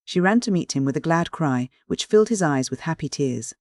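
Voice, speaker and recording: An audiobook narrator reading a Victorian short story in a measured, literary way. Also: mid-range voice, lively intonation, darkish tone, no room sound, studio quality.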